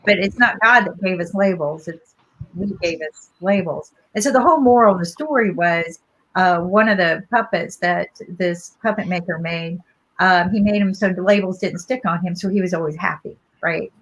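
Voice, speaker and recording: In casual podcast talk, a middle-aged female co-host tells stories in a reflective, conversational manner and frequently checks in with her audience. Her voice is lowish and a bit bright, her pace moderate, and the recording sounds muffled.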